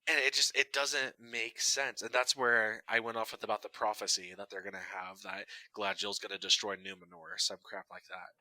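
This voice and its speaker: A man co-hosting a casual chat, opinionated and quick to chime in. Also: on the low side, little pitch movement, sharp tone, no echo. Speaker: podcast co-host.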